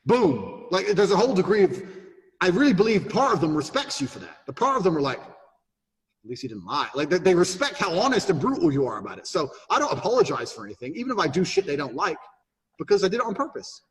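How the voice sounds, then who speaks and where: A man's voice: sits high, big pitch swings, fast talker. A man speaking as an interview guest, blunt, emphatic and profane. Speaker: interview guest giving advice to men. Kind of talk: podcast interview talk. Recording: roomy echo.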